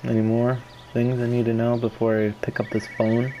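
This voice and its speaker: A man's voice: mid-range voice, completely flat delivery, moderate pace, background noise. A man giving casual, joking let's-play commentary. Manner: joking, rambling. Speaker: gaming YouTuber.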